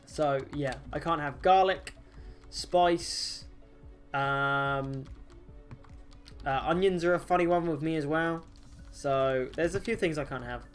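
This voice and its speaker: A man's voice: on the high side, takes it slowly, pauses often, soft background music. A man streaming a game live, chatting casually with viewers in silly, jokey banter and laughing often. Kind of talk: casual live-stream chat while gaming.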